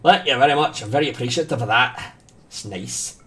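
A man's voice: mid-range voice, a little fast, soft background music. A man streaming a video game live, chatting casually with viewers, joking and swearing often. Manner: animated, swears often, jokes with chat.

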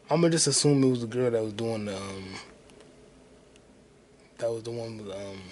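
A man with a gravelly voice hosting a solo podcast, swearing freely as he thinks aloud. His pitch is middling, and his delivery is loose, casual and unscripted. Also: a little mellow, a little hiss or hum. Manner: profane, thinking aloud while searching online. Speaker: podcast host.

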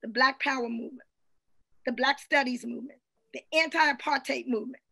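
Woman preacher, high bright voice, rousing call-and-response sermon over a video call. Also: a little fast, vocal fry, slightly rough. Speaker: guest minister.

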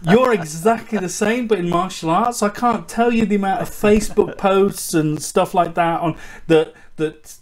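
A man co-hosting a podcast in casual chat, bantering with a laugh and poking fun at himself. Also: high-pitched. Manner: animated, laughing, self-deprecating banter. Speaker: podcast co-host.

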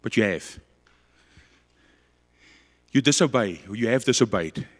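A man with a South African accent preaching a passionate, dramatic sermon that swings between loud and quiet. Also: lowish voice, expressive, unhurried, in a large hall.

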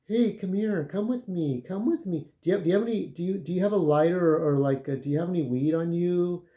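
A woman's voice: lowish voice, a little fast, mellow, natural voice. A man voicing a spaced-out young woman on drugs who keeps pleading in repeated, insistent phrases. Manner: insistent, repetitive begging.

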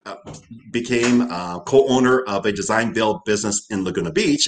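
A man's voice: lowish voice, normal speed. An older man from Hawaii with a Hawaiian Pidgin accent, a guest telling stories in a casual interview, often repeating "right".

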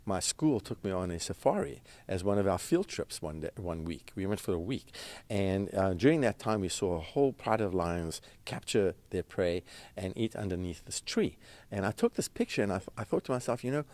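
A man, a restaurant founder, telling his story in an interview in an earnest, halting way, with fillers and restarts. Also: low-pitched, big pitch swings, a little mellow. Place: red carpet event.

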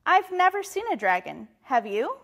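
A woman's voice: sits high, big pitch swings, moderate pace, gravelly, a bit bright, voice pushed up, full character voice. A woman voicing nervous male knights in a rhyming picture book. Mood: uneasy. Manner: whispering worried reports. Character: nervous male knights gossiping about a dragon.

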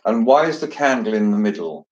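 A man's voice: on the low side, animated, fairly quick, muffled recording. A man hosting a casual chat, joking and chatty with theatrical asides. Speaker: host.

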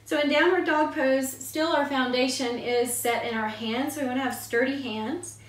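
A woman leading a gentle yoga class, giving calm, soothing cues paced with the breath. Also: high voice, moderate pace, far from the mic. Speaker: yoga instructor. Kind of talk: gentle guided yoga instruction. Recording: echoey room, voice a bit off-mic.

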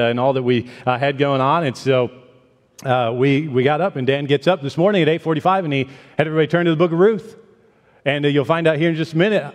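A man from the northern United States giving a folksy sermon as guest preacher, with many fillers and restarts. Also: mid-range voice. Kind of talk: sermon with a joke. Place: church sanctuary. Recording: long church reverb.

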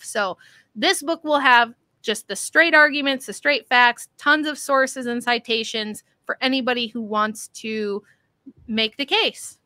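A chatty, animated woman speaks as a guest on a remote call, her voice bright and a little high. The sound is dry and close, with no room around it. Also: normal speed, dry recording. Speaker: author guest. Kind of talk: casual conversation.

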